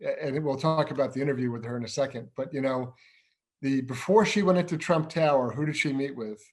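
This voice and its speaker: A man hosting an interview who once worked as an intelligence officer, explaining events in a measured way, step by step. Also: mid-range voice. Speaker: show host and former intelligence officer. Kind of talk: conversational interview.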